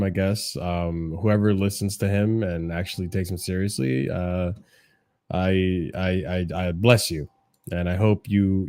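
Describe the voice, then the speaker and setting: Sarcastic man ranting on a stream. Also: deep voice. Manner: mocking, profane, swings from muttering to shouting. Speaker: streamer reacting to videos. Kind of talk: casual reaction stream. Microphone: desk microphone, clipping when loud.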